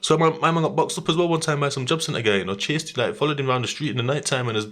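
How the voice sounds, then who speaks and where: A man's voice: mid-range voice, racing. A man, hosting a podcast and telling stories in casual chat full of street slang. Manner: animated storytelling with street slang. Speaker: podcast host.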